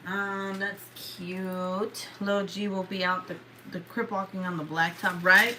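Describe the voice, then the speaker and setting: A woman's voice: medium pitch, level tone, slow pace, bright, forceful tone, rough recording. Woman, thirties, casual home chat, sweary, frank, sighs a lot, faint background hum. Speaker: vlogger. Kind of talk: casual chat while crafting. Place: home, at a table.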